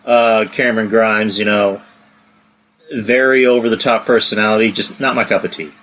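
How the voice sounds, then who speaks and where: A man co-hosting a podcast in casual chat, hesitant and halting as he speaks. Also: on the low side, fairly even intonation, a bit bright. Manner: hesitant, full of restarts and fillers. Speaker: podcast co-host.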